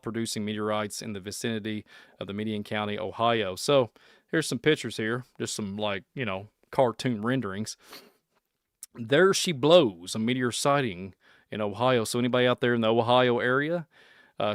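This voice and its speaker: A podcast host with a Kentucky accent and a lowish male voice reads posts and news aloud at a moderate pace, folksy and rambling, repeating lines and drifting into preachy asides. His tone is clean, recorded at studio quality with no room sound.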